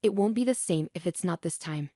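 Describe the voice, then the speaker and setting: A smug, domineering older mother-in-law from a read-aloud revenge story, as a woman narrator puts her on. The voice sits low and mellow and is recorded dry and close. She talks down to others with a mocking edge. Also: a little fast, dry recording, lightly acted.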